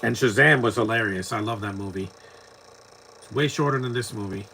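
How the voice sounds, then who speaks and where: A man's voice: on the low side, brisk, vocal fry, sharp tone, a little hiss or hum. A man giving casual live commentary over a movie, mocking scenes and laughing often.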